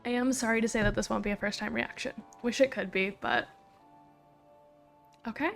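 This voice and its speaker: A woman's voice: a little high, moderate pace, creaky, soft background music. Chatty woman gaming commentary. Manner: chatty, rambling, with hushed asides. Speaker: let's play host. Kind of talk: casual gameplay commentary.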